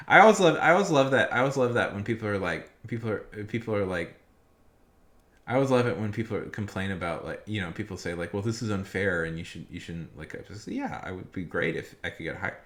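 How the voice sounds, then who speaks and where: A young man streaming live, chatting casually and rambling with many fillers, getting loud when he rants. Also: on the low side, animated, fast talker.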